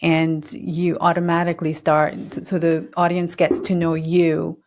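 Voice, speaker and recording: Lower-voiced woman hosting an interview. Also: completely flat delivery, a little slow. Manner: attentive, soft backchannels and short questions. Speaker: podcast host. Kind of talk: casual interview conversation.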